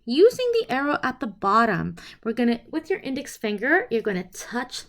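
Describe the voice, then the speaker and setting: A woman presenting a phonics lesson, speaking clearly and sounding out each letter and sound one at a time. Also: a little high, sing-song, normal speed, a bit bright. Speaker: teacher presenting a literacy lesson. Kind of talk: instructional presentation.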